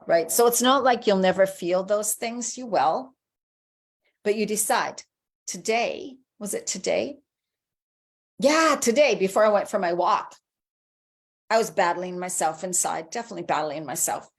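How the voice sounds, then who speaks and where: A woman, around her forties, giving an encouraging, conversational motivational talk as a life coach. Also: lowish voice. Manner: encouraging, conversational, acts out inner voices.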